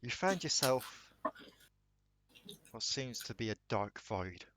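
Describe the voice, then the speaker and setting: A man narrating a tabletop game as dungeon master, slow and dramatic. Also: medium pitch, big pitch swings, a bit bright, slight background noise.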